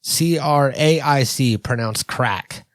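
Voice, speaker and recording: A man in easy podcast banter, mid-pitched and relaxed. He jokes around, laughs a lot and drops casual swears. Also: takes it slowly, no room sound, studio quality. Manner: laughing, joking, swears freely. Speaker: podcast co-host. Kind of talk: casual chat.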